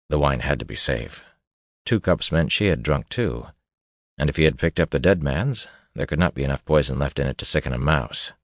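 A man narrating an audiobook in a steady, even storytelling manner. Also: rumbling low, brisk, dry recording, clean studio sound.

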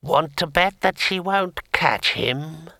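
A slow, sinister wizard speaking in a drawn-out, menacing way, as a man puts him on in a storybook reading. Each word is stretched and deliberate. The sound is close and dry. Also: on the high side, expressive, vocal fry, bright, forceful tone, dry recording, voice pushed up, heavily acted.

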